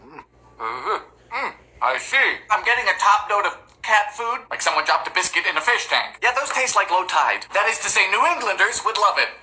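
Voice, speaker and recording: A man hosting a comedic baking video, reading out old recipes with dry, deadpan one-liners and sudden excited squeals. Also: high-pitched, normal speed, low-quality recording. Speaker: home baking video host. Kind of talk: comedic recipe-testing vlog narration.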